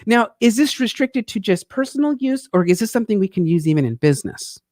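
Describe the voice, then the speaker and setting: A woman's voice: medium pitch, big pitch swings, quick pace, a little mellow, no room sound. Bubbly woman host, dry sound. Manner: bubbly, laughs often, exclaims "oh my God". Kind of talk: casual interview chat.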